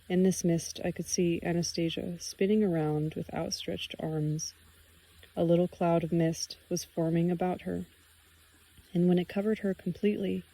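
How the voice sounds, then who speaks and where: Woman reading an audiobook, flat steady tone, calm storytelling. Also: fairly low pitch, poor audio. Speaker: audiobook narrator. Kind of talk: first-person audiobook narration.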